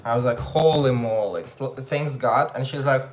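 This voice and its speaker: A man's voice: mid-range voice, moderate pace. A young man with a Russian accent, chatting on a livestream and telling a story while acting out what people said. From Ukraine. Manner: chatty storytelling, acts out quotes, says "holy moly". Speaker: livestream host. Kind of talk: casual live chat. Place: home, at a dining table. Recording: roomy echo.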